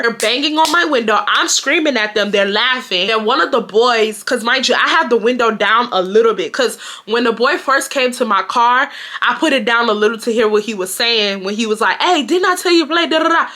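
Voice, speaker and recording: A woman in her twenties from Houston, telling a story to her viewers in a blunt, slangy, animated way. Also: a little high, normal speed. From Houston, Texas, US. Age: 20s. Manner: animated, addresses viewers as "y'all", acts out quotes; blunt, slangy, swears freely. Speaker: storytime vlogger.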